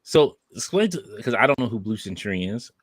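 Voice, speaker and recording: A man hosting a toy podcast, joking around in a lively way and reading chat comments aloud. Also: medium pitch, a little fast, breathy edge, no room sound. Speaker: podcast host. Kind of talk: casual chat.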